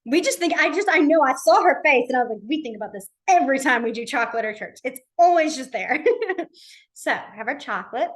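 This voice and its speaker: A woman's voice: a little high, fairly bright tone. A young woman teaching a beginners' class in a casual, chatty way, full of fillers like "um" and "like". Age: young adult. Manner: chatty, uses many fillers like "like" and "um". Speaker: sign language teacher. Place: library classroom.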